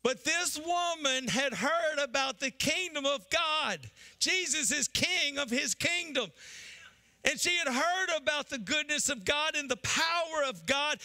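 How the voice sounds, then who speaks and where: A man preaching a sermon as pastor. He shouts in bursts, drops low, and acts out the people in the story.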